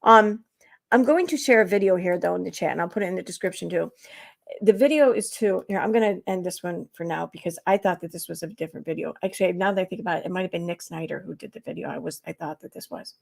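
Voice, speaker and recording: A woman's voice: fairly low pitch, fast talker, creaky. A woman hosting a casual commentary livestream, rambling along with frequent restarts. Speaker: livestream host.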